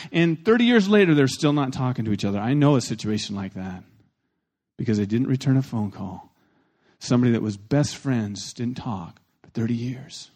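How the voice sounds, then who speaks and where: A pastor preaching a sermon. He is animated and plain-spoken, with blunt humor, and he leads the congregation in repeating phrases. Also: mid-range voice. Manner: animated, swings between loud emphasis and soft asides.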